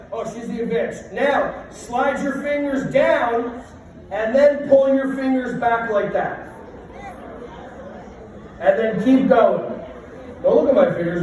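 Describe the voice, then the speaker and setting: Brief: middle-aged male workshop presenter, high voice, playful and self-mocking, recorded from a distance in a very echoey room. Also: darkish tone, slight background noise. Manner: playful, jokey, self-deprecating. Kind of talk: leading a stretching workshop. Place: large room with a live group.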